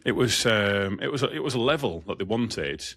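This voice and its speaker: A man co-hosting a podcast, telling stories with animated exasperation in a fairly low voice. His tone is bright and forceful. The close mic gives a dry, dead sound. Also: normal speed, no echo. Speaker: podcast co-host, truck driver. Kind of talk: casual podcast chat.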